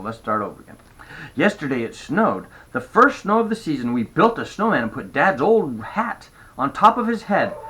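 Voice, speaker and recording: An older grandfather reading a children's storybook aloud in an expressive manner. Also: mid-range voice, rough recording. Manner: expressive, stops to restart.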